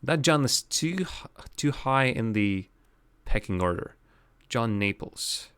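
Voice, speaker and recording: A man's voice: mid-range voice, animated, takes it slowly, fairly bright tone, clear, resonant tone. A man streaming a game live, thinking aloud in casual commentary with frequent restarts.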